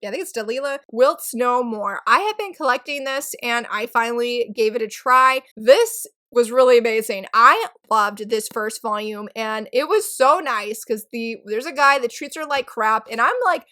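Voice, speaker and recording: A young woman chatting casually in a reading wrap-up, gushing over manga with quick asides and exclamations. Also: on the high side, pushed and bright. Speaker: book reviewer. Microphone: recording on an iPad.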